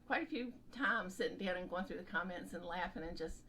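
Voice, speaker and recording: A woman co-hosting a casual crafting chat, bubbly and quick to laugh. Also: fairly low pitch, bright, forceful tone, slight background noise. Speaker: co-host.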